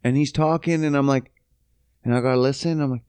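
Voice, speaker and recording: A man's voice: mid-range voice, fairly even intonation, a little fast, darkish tone, smooth, dry recording. A man rambling through a casual comedic monologue, swearing freely and joking at his own expense. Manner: rambling, profane, self-mocking.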